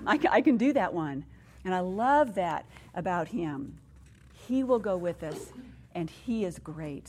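A middle-aged woman speaking at a women's conference, telling her own story and teaching from the Bible in an animated way that acts out the people she quotes. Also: mid-range voice. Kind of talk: personal testimony and Bible teaching.

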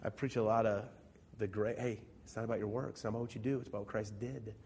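A man from Central Illinois preaching a sermon in a church. He talks conversationally, asks his congregation a lot of rhetorical questions, and swings between loud emphasis and soft asides. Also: fairly low pitch, fairly even intonation, fast, slight background noise. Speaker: pastor.

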